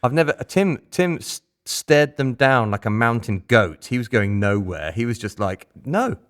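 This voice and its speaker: A man's voice: mid-range voice, normal speed. A man, a band member, telling tour stories in a casual podcast chat, acting out the people he quotes. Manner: animated anecdotes with acted-out quotes.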